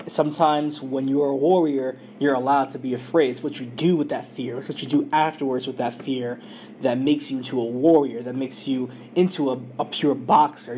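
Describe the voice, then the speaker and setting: A man's voice: medium pitch, a little mellow, a little hiss or hum. A man hosting a podcast, casually retelling an anime episode with lots of fillers and quoted dialogue. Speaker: podcast host recapping an anime.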